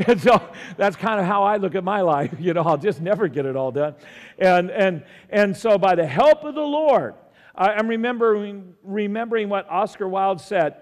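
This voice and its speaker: High-voiced pastor preaching in a reverberant hall. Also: male voice, expressive, measured pace. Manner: earnest, calls out to the congregation. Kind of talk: sermon.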